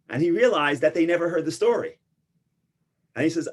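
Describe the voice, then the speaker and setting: Guy teaching a torah class, kinda high voice, tells stories and jokes, lots of restarts, gets loud and excited at the punchlines. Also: quick pace. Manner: animated storyteller, many restarts, rises loud for punchlines.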